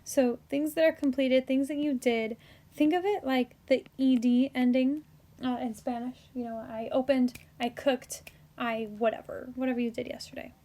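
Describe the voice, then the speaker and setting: A woman teaching a recorded Spanish grammar lesson, spelling out endings carefully, with playful asides and quick self-corrections. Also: sits high, fairly even intonation, dark tone.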